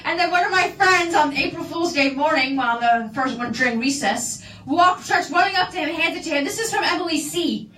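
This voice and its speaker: A woman co-hosting a radio talk show, telling stories in an animated way and acting out the voices. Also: high voice, fairly quick, roomy sound, far from the mic, poor audio. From Canada. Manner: animated storyteller, acts out quotes. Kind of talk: casual radio chat.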